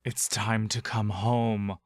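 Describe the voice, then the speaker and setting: Cold controlling villain guy, low and slow, booming, dry sound, as the narrator puts him on. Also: flat delivery, no echo, natural voice. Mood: coaxing. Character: menacing male caregiver villain, cold and controlling.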